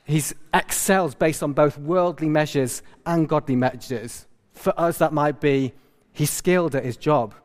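A man giving a casual sermon, speaking in a halting way with frequent restarts. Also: fairly high pitch, long reverb tail. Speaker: preacher.

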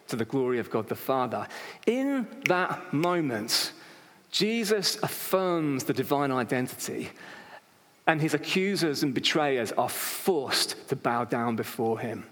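A man preaching a sermon to a live congregation, conversational and lively, with humorous asides and acted-out quotes. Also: fairly high pitch. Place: hall with congregation. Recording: long reverb in a hall.

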